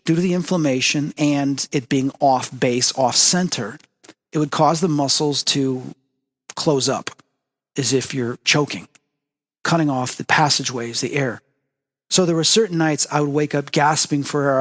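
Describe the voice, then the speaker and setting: Male host, mid pitch, animated storyteller who acts out dialogue; long hall reverb. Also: normal speed. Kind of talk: storytelling monologue.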